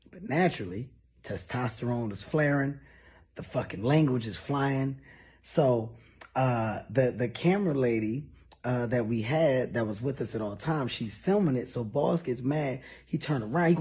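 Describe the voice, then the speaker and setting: A man telling a comedic personal story in a loud, animated, profane way. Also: medium pitch, moderate pace, breathy edge. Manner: animated, profane, shouts when acting out quotes.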